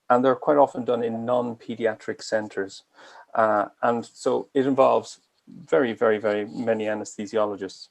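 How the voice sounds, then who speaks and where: A man with an Irish accent giving an online medical lecture over a video call, speaking deliberately slowly and carefully. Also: mid-range voice, creaky. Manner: deliberately slow and careful delivery. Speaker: guest lecturer.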